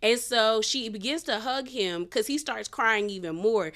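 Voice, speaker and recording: A woman's voice: fairly high pitch, unhurried. Chatty woman recapping reality TV. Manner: chatty, colloquial, animated storytelling with slang. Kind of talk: casual episode review.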